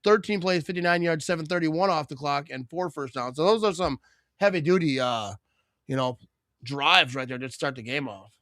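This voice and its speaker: A man's voice: on the high side, normal speed, a bit bright, no echo, studio quality. A man from Wisconsin hosting a live watch-party stream, chatting casually, laughing often and repeating "you know what I mean.".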